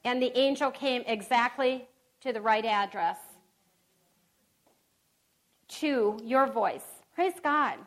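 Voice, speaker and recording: A middle-aged woman giving an earnest sermon to a women's gathering, reading scripture aloud with pauses and restarts. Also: on the high side, a bit bright, low-quality recording.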